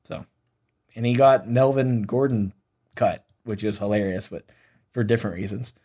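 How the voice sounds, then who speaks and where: A man's voice: fairly low pitch, fairly even intonation, moderate pace, warm tone, slightly rough. A young man hosting a sports podcast, running through football picks in a casual, opinionated way that sometimes turns into ranting. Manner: opinionated, ranting, laughs at own jokes. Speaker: podcast host. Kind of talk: casual sports betting chat.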